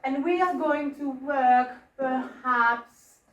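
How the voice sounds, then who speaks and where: A woman drama teacher runs a workshop with a fairly high voice, prodding the room with questions. She is picked up from a distance, and the hall echoes around her. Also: slow pace, dull audio. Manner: animated, coaxing, asks the group questions. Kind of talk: interactive teaching. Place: school hall. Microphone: room mic at a distance.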